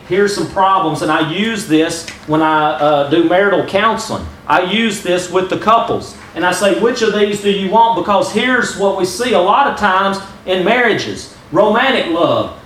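A man's voice: high-pitched, a bit bright, slight background noise, rough recording. A man giving a sermon to men about marriage, teaching from a diagram and asking his listeners direct questions in a conversational preaching manner. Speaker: pastor.

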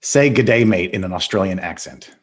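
Husky-voiced upbeat male podcast host. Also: sits low, expressive, moderate pace. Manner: upbeat, laughs often. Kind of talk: casual interview.

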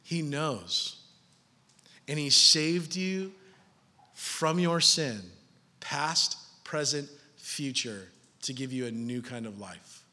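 A man in his thirties preaching a sermon, animated, shifting from soft and low to loud and high. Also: slow. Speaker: pastor. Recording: long hall reverb.

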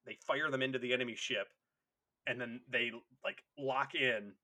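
A man co-hosts a podcast in a loose, profane chat. He is animated and laughs often, with a voice of average pitch. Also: normal speed. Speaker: podcast co-host. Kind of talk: casual chat.

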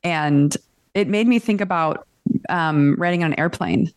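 Low-voiced woman telling candid stories. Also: a little slow, smooth, no room sound. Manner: candid, personal storytelling. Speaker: podcast co-host. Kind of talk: casual book club chat.

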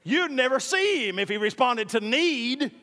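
A man's voice: very high voice, lively intonation, a little slow, sharp tone. A man preaching a sermon as pastor, emphatic and repeating his key lines, with folksy storytelling. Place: church. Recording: long reverb of a large hall.

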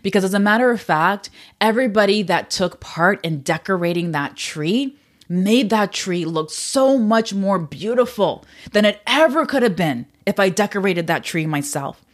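A woman's voice: mid-range voice, animated, normal speed. A woman hosting a wellness podcast, talking in a casual, candid way with many fillers and frequent laughs, a little choked up at times. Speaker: podcast host. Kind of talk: casual solo podcast talk.

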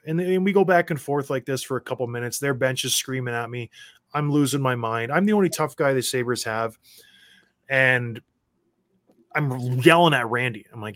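A man, a former hockey enforcer, telling stories as a guest in a casual chat and getting loud as he acts out his own rants. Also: mid-range voice, expressive, normal speed, no echo, clean studio sound. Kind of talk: casual storytelling.

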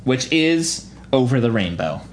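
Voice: medium pitch, very animated, a little slow, slight background noise. A person in casual chat, laid-back, explaining a story plot and swearing casually.

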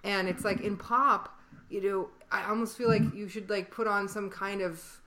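A woman host chats freely on a podcast, her speech full of "like" and "you know." Her pitch is mid-range, and a faint background hiss sits under her voice. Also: fairly even intonation, normal speed, pushed and bright. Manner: loose, filler-heavy talk with many "like" and "you know". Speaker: podcast host, opera singer. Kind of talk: casual podcast chat.

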